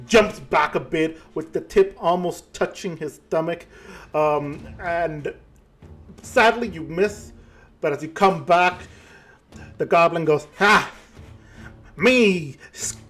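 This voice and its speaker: A man narrating a tabletop game as game master, halting and full of fillers and self-corrections. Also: fairly high pitch.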